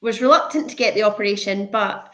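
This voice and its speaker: A woman in her thirties recounts her experience as a podcast guest, switching into the voices of the people in her story. Her voice sits at a middle pitch and rings a little in a roomy, echoey space. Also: fast. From Scotland. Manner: lively retelling, acts out quoted speech. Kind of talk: conversational storytelling.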